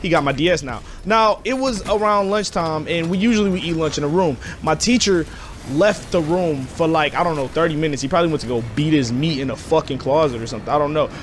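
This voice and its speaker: Young man, gaming YouTuber, slangy and animated, slightly high voice. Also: fast, slight background noise. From Detroit, USA. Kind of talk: casual storytelling over gameplay.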